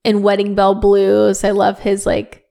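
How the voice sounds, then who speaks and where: A woman's voice: mid-range voice, monotone, a little slow, creaky, dark tone. A woman co-hosting a podcast, chatting casually and rambling with lots of fillers. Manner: chatty, rambling fan talk with many fillers. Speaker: podcast co-host. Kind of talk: casual chat.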